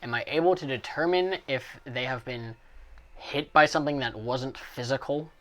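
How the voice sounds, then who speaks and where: A man's voice: medium pitch, normal speed, a bit bright. A man playing in a tabletop role-playing game, arguing his case insistently. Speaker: player. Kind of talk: casual role-play chat.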